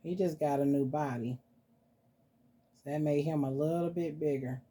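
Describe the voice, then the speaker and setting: A woman hosting a casual vlog, talking softly and playfully to her dolls as if they were children. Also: low voice, normal speed. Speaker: doll collector vlogger. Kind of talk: casual doll-play vlog.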